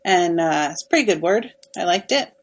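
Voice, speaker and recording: A woman's voice: fairly low pitch, lively intonation, brisk, poor audio. A woman co-hosting a podcast, casually recapping a TV episode in an emphatic, sympathetic way with lots of fillers. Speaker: podcast co-host.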